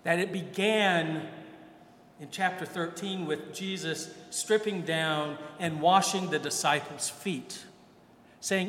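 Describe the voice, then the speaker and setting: Slow high-voiced man preaching in an echoey church. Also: a bit bright, slight background noise. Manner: conversational preaching, acts out quoted voices. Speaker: priest. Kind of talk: sermon.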